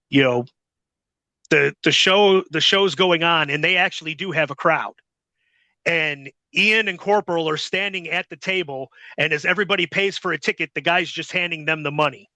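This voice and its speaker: A middle-aged man with a sharp, rather high voice tells a long, casual anecdote as a guest on a podcast, with no echo on the recording. He rambles, leans heavily on fillers, and acts out what other people said.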